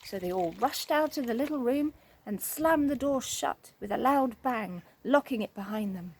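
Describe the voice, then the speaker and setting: A woman reading a children's story aloud, expressive and animated. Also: on the high side, moderate pace, slight background noise.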